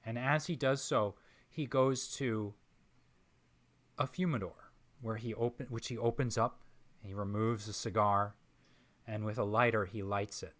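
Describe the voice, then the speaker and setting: A man narrating as game master of a tabletop role-playing game, describing scenes in a measured, pausing way. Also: fairly low pitch, fairly even intonation, fairly bright tone. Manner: measured, descriptive, with frequent pauses.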